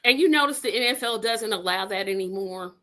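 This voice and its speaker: A woman in her fifties from Indiana, hosting a podcast in a casual, animated, emphatic way, often repeating herself for effect. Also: medium pitch, a little fast. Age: 50s. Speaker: podcast host. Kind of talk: casual chat.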